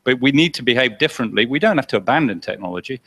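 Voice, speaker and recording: A man on a panel at a public lecture, sharing reflective opinions in a measured way. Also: mid-range voice, lively intonation, bright, forceful tone. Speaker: panelist speaker. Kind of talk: university public lecture discussion.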